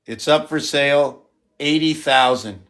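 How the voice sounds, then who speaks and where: A man showing his paintings on a live stream, talking in a rambling, playful way and jumping from excited exclamations to muttering. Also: fairly high pitch, unhurried. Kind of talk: casual live-stream chat.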